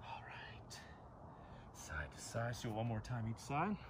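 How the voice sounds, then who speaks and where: Background noise accompanies a man from Southern California guiding an outdoor yoga class. His mid-range, sing-song voice moves briskly as he cues poses and breaths, joking between instructions.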